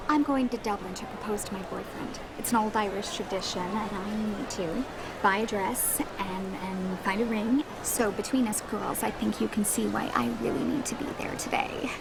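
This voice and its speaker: A woman's voice: mid-range voice, normal speed, music in the background, close to an everyday voice. An actress playing a determined woman stranded on her way somewhere, talking with insistent exasperation. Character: determined American woman stranded while travelling.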